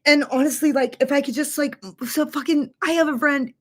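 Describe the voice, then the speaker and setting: A woman's voice: sits high, fairly even intonation, a little fast. A woman in her forties chatting casually to camera as a beauty vlogger, candid and rambling, swearing freely and full of "like" fillers. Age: 40s. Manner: frequent "like" fillers and restarts. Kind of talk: casual confessional chat.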